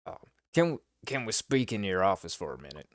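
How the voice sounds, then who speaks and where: A man's voice: sits low, sing-song, a little fast, no room sound, studio quality. A man playing a character in a tabletop game, casual and swearing freely. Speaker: player.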